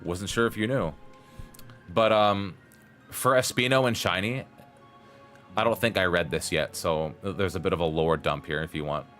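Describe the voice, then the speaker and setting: Deep-voiced man streaming a game. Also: normal speed, pauses often, fairly bright tone, faint music behind. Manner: chatty, rambling, fond of puns. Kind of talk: live-stream gameplay commentary.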